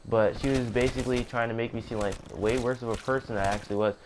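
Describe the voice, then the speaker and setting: A man's voice: mid-range voice, fairly even intonation, fast talker, background noise. A young man casually narrating a storytime, rambling with self-corrections and joking asides. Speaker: gaming streamer.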